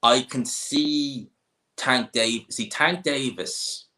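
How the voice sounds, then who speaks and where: Speaking very slowly in a mid-range, sharp voice, a young Irish man hosts a boxing channel and answers viewers in casual live chat. He's opinionated and thinks aloud with many fillers, and the recording has a roomy echo.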